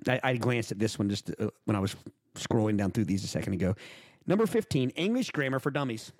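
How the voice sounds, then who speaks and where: A man hosting a casual group chat, reading joke product reviews aloud in a deadpan way. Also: on the low side, brisk, no echo, clean studio sound. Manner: deadpan reading, breaks into laughter.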